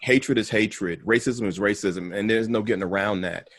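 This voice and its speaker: A man who is a pastor, speaking in a measured, emphatic way in an earnest conversation and often repeating words. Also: lowish voice, no room sound, studio quality.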